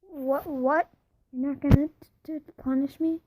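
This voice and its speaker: Woman reading a scared, stammering young sister, high voice. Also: little pitch movement, unhurried, warm tone, slight background noise, rough recording. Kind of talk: fan fiction reading.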